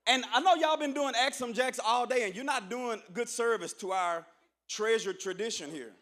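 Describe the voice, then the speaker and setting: A man's voice: very high-pitched, animated, fairly quick, fairly bright tone. A man giving a rousing, preacher-like motivational speech to new students in a large auditorium. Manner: preacher-like, emphatic, calls for audience response. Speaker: university administrator speaking at orientation.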